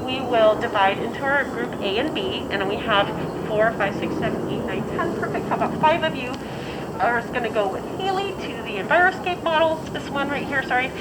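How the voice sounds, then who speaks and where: A woman's voice: a little high, very noisy. A woman educator guiding students through a map activity, asking questions and giving instructions. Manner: clear, guiding, asks questions. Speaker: station educator. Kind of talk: classroom lesson with students.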